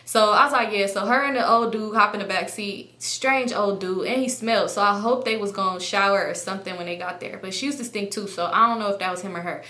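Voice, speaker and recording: A young woman telling a casual, animated story and acting out what other people said, swearing freely. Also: mid-range voice, fast, hardly any pauses, roomy sound. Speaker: storytime vlogger.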